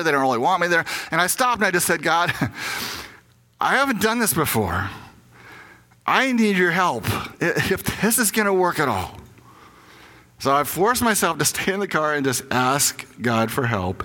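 Older male pastor, bright tone, candid storytelling sermon. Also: a little high. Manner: candid personal storytelling, acting out his own inner voice. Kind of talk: conversational sermon.

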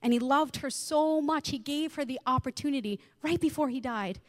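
A woman preaching with an expressive, storytelling delivery, giving voice to the people she quotes as she goes. Her voice sits fairly high, and a long reverb trails after her words as if she is in a large hall. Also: normal speed. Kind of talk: sermon with personal storytelling.

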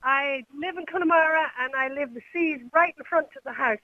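A woman's voice: sits high, a little fast, over a noisy crowd. A woman with a Northern Irish accent calling a radio show from home, talking in an easygoing, chatty way. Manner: easygoing, talkative. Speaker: caller. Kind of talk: casual phone-in chat. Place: home by the sea. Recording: tinny phone line.

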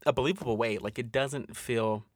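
A man co-hosting a podcast in casual chat, animated and profane, acting out quotes. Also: medium pitch, moderate pace. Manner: animated, swears a lot, acts out quotes. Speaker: podcast co-host.

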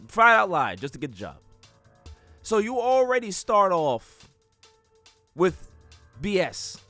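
A man's voice: on the high side, pushed and bright. A man hosting a sports podcast, ranting emphatically and repeating words as he builds each point. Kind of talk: casual sports talk.

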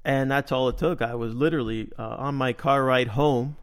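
A man hosting a podcast, telling a personal story in a casual, animated way and laughing often. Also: mid-range voice, moderate pace, smooth. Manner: animated, laughs often, acts out quoted dialogue. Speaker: podcast host.

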